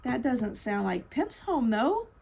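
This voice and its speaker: A woman reads a children's picture book aloud, very expressive, with her pitch leaping around. Her voice sits high and she takes her time, stopping to chat with the kids. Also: slow pace, gravelly, husky. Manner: expressive, chatty asides to children. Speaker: bookstore storytime reader. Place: bookstore.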